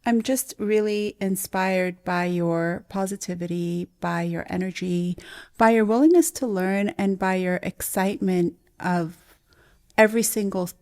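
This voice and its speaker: A woman hosting a podcast, a midwife who talks in a warm, gushing way and is easily moved. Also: mid-range voice, measured pace. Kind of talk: casual chat.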